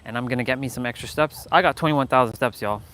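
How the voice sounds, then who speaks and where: A man's voice: medium pitch, fast, a bit bright. A man chatting casually on his live stream, hyped and boastful, repeating his phrases. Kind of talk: casual livestream chat.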